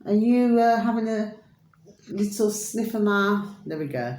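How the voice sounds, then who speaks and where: Talking to camera, a woman with a British English accent rambles casually in a vlog, peppering her talk with favorite phrases and sing-song asides. Her medium-pitched voice is expressive, a little slow, and a little mellow, with roomy sound.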